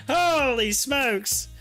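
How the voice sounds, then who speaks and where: A man's voice: very high voice, lively intonation, very slow, sharp tone, soft background music. A man hosting a stock market live stream, chatting casually, rambling, teasing his viewers and laughing often. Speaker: stock market livestream host.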